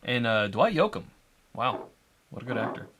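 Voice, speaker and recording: A man co-hosting a live whiskey tasting, joking and talking in an animated way. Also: medium pitch. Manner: animated, playful, quick to joke. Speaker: co-host of a whiskey tasting livestream. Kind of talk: casual chat.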